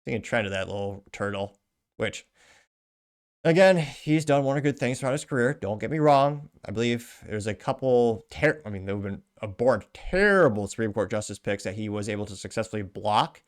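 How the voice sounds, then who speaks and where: A man's voice: lowish voice, expressive, brisk. A man hosting a political commentary show, casually reading out viewer comments with blunt, sarcastic asides.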